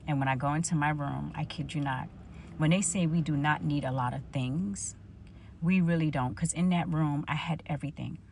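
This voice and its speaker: A woman tells a personal faith story. She acts out the back-and-forth of her own past conversations. Her voice has a gravelly edge, and a faint hiss sits under the recording. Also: low voice, moderate pace. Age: 40s. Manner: storytelling, animated retelling of her own dialogue. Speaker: vlogger.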